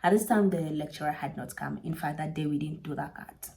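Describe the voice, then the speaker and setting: A young woman casually telling a personal story to her channel, chatty, sometimes dropping into soft whispers for emphasis. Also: deep voice, brisk, creaky, slight background noise.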